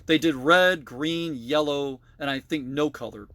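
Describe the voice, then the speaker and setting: A man's voice: on the high side, unhurried, bright, forceful tone, no echo. A middle-aged man casually narrating a tour of his collection in a basement, with frequent fillers and self-corrections. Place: basement room.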